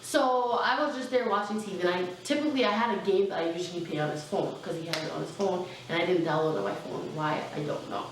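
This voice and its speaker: A young adult woman telling a personal storytime in a casual, animated way, full of fillers and asides. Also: lowish voice, fast talker, few pauses, recorded from a distance, a little hiss or hum. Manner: chatty, animated, lots of fillers. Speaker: vlogger. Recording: very echoey room, mic set back.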